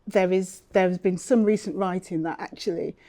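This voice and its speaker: A woman moderates a panel conversation with a lowish pitch and a mellow tone. She builds her questions haltingly, pausing and searching for the right words. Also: steady tone. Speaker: interviewer, academic.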